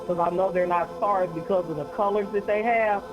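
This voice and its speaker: A man calling in with a question, describing something haltingly and repeating himself. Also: sits high, fairly even intonation, dull audio, over music. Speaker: caller. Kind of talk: casual call-in question.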